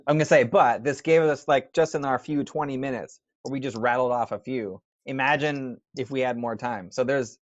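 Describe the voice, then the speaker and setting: An easygoing man co-hosting a relaxed podcast chat. His voice comes through dry and a bit dull, with no room echo. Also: medium pitch, normal speed, hardly any pauses. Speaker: podcast co-host. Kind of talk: casual chat. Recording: dry, slightly dull sound.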